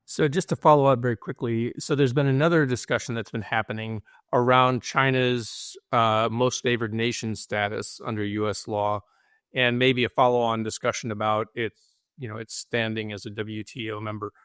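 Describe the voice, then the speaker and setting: A man's voice: medium pitch, little pitch movement, moderate pace, fairly bright tone, smooth, dry recording, clean studio sound. A man co-hosting a podcast, asking follow-up questions conversationally with some hesitant fillers. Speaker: podcast co-host.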